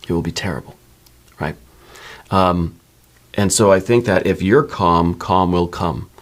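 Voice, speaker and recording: A man with a very low voice lays out a tarot reading in a soft-spoken, unhurried way. He muses aloud and keeps checking in with the listener as he goes. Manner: relaxed, musing, often checks in with "right?". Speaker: tarot reader.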